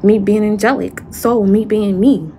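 Slow, halting upset woman. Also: mid-range voice, fairly even intonation, warm tone, a little hiss or hum. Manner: halting, repeats phrases, trails off into sighs. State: upset and distressed. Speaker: livestreamer. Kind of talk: emotional livestream monologue.

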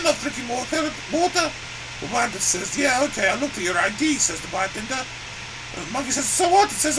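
A man's voice: very high-pitched, background noise. A man voicing a crude, boastful, grumpy male elephant puppet that cries "ooh" and rants with profanity. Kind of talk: puppet comedy sketch.

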